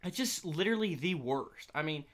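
Lively giggly young man telling a story. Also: a little high, moderate pace. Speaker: college student vlogger. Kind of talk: casual storytelling.

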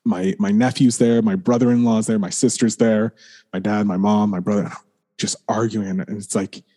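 A man as a podcast guest, candidly recounting a hard period in a rambling way, full of restarts, and quieter as things get heavy. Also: fairly low pitch, steady tone, normal speed. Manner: rambling, heavy use of "like", frequent restarts, swears and apologizes. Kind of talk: candid personal storytelling.

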